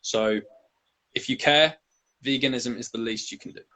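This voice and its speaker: A man delivers a forceful, declamatory appeal as an interview guest, speaking at a mid pitch. He repeats phrases for rhythm and presses each point hard. The sound comes over a live video call. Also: normal speed, poor audio. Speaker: vegan activist guest. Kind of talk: impassioned speech.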